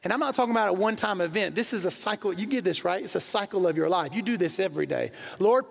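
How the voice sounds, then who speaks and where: A pastor preaching a sermon in a church, rising into impassioned loud bursts and dropping into self-deprecating asides about his marriage. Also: high-pitched, vocal fry, big-room sound.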